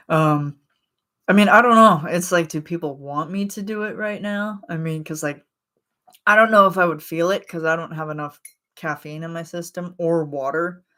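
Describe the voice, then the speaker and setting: A woman's voice: on the low side, moderate pace, a bit bright. A woman in her late twenties, chatting casually with viewers on a livestream in a rambling, chatty way, with plenty of fillers and laughs. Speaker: livestream host.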